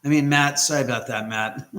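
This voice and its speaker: A man's voice: medium pitch, normal speed, a bit bright. A man hosting a casual livestream from his house on a laptop mic, rambling and greeting viewers by name. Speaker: livestream host. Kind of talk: casual live chat.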